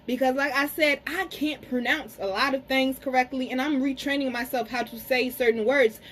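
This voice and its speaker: A woman giving a casual card reading to camera, talking frankly to her viewers, cursing freely and slowing down to say some words carefully. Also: high voice, steady tone, fairly bright tone, a little hiss or hum, low-quality recording. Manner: frank, chatty, curses freely, addresses viewers as y'all. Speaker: tarot and spiritual reader.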